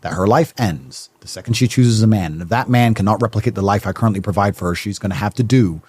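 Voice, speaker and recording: A man's voice: fairly low pitch, fast, a little mellow, slightly rough. A man speaking as a guest in a podcast conversation, blunt and emphatic in his statements.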